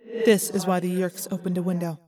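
A woman's voice: on the low side, flat delivery, a little fast, warm tone, natural voice. A woman voicing a grave, polite young male alien who speaks in precise, formal sentences without contractions.

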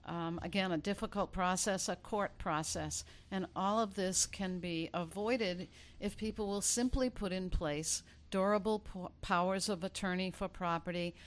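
Lawyer lady explaining legal stuff, slightly low voice, measured, lots of ums. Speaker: elder law attorney guest. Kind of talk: interview answers.

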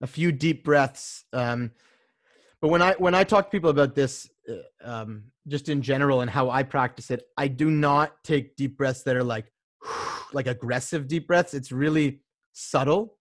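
A man's voice: medium pitch, moderate pace, no echo, studio quality. A man coaching a client in a casual conversation, talking thoughtfully with many restarts and fillers.

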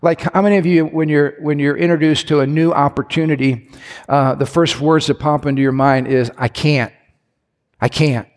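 A man's voice: fairly high pitch, fairly even intonation, a little fast. A male pastor preaching a sermon in a church, conversational with asides and restarts. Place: church sanctuary. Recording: long hall reverb.

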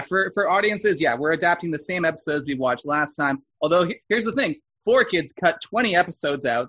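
A man with a somewhat high voice leads a casual podcast conversation. He keeps the discussion moving and often repeats words as he restarts his sentences. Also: fairly bright tone. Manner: steers the talk, stammers on restarts. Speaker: podcast co-host.

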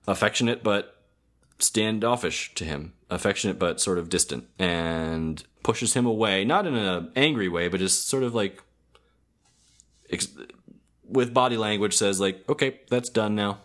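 A man with a very deep voice recaps a cartoon episode on a podcast. He rambles a little, stops on ums and fixes his own words mid-sentence. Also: expressive, unhurried, fairly bright tone. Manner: rambling, hesitant, with frequent ums and self-corrections. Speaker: podcast co-host.

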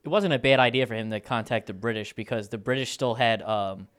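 A man's voice: medium pitch, a little fast, a bit bright, smooth. A man co-hosting a podcast, retelling history casually with lots of fillers and laughter. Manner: loose storytelling, laughs often, many fillers. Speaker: podcast co-host. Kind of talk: casual chat.

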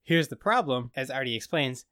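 A man's voice: medium pitch, animated, normal speed, sharp tone, dry recording, clean studio sound. Casual man retelling a comedy episode. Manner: rambling storyteller, acting out scenes. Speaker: podcast co-host.

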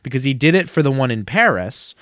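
A man's voice: mid-range voice, lively intonation, fairly bright tone, no room sound, studio quality. Joking podcast co-host man. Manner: chatty, jokey, often puts on quick silly voices. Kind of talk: casual chat.

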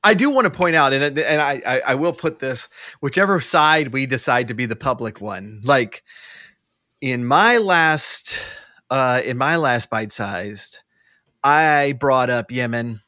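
A man's voice: mid-range voice, animated, measured pace, bright, forceful tone, no echo, studio quality. A man co-hosting a podcast, chatting casually with many restarts and fillers, laughing often. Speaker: podcast co-host. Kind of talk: casual chat. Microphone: remote call mic.

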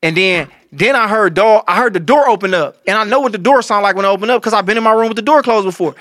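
A young man co-hosting a casual chat, telling loud, animated stories full of crude slang. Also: sits high, fast, no room sound, studio quality. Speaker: podcast co-host.

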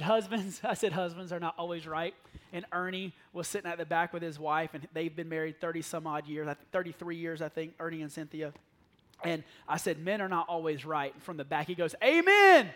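A man preaching a sermon to a church, telling lively stories and dropping to a near whisper for asides. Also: a little high. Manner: animated storytelling, drops to a near whisper for asides. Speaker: pastor. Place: church sanctuary.

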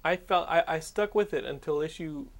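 A man's voice: on the high side, moderate pace. A man hosting a podcast in casual, profane, joking chat with friends. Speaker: podcast host.

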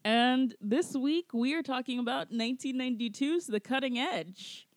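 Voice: high voice, moderate pace, no echo, studio quality. A podcast co-host in casual chat, rambling with many fillers and restarts.

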